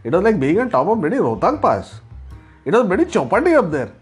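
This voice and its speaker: A man tells a comic travel story with sardonic, profane humour. His pitch sits a little high and moves about freely. Soft guitar music plays faintly underneath. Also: huge pitch swings, fast, slightly rough. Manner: sardonic, profane, laughs as he talks. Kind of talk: humorous travel narration.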